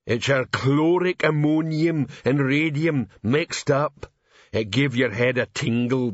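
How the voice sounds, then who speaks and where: A man voicing a slow-witted, earnest male troll sergeant who speaks slowly and ungrammatically. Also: mid-range voice, no echo, dull audio, natural voice.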